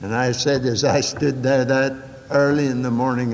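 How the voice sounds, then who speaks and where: An older man preaching a sermon, telling folksy stories with dramatic swings from quick asides to slow, drawn-out emphasis. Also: flat delivery, long reverb tail. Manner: folksy storytelling with dramatic swings in pitch and pace.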